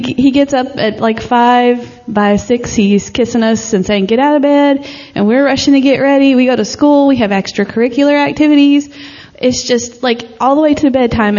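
A woman's voice: a little high, a little mellow, muffled recording. Chatty woman speaking in a church. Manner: chatty and light, laughing easily. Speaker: mother sharing a testimony. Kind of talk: casual testimony to a congregation. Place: church hall.

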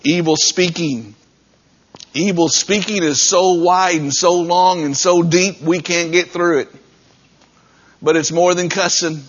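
A man's voice: sits high, steady tone, takes it slowly, dull audio. A man preaching a sermon as pastor, talking straight to his congregation in a conversational way.

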